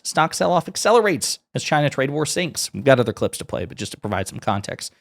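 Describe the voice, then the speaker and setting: A man's voice: on the high side, animated, quick pace, creaky. Brief: man delivering scornful, emphatic political commentary.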